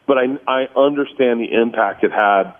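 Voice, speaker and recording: A man's voice: medium pitch, normal speed, narrow, tinny audio. A male comedian guest telling stories in casual chat, rambling and restarting his sentences.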